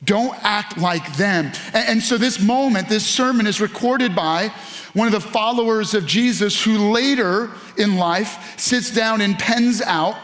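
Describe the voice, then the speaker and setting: Male pastor, high voice, animated sermon, addresses the congregation. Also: unhurried, reverberant. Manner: animated preacher, speaks to the congregation directly and reads scripture aloud.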